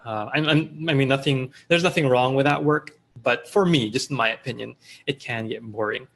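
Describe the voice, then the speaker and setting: A man's voice: medium pitch, moderate pace, fairly bright tone. Chatty man answering live questions. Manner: conversational, many fillers and restarts, thinks aloud; reads viewer questions aloud and draws on a board while talking. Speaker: livestream host answering viewer questions. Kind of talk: casual live Q&A explaining transcription work.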